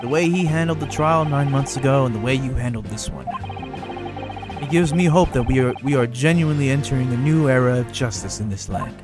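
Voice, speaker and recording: A man's voice: medium pitch, fairly quick, natural voice. A man voicing a stern, formal older male judge, reading game dialogue aloud over music. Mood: approving.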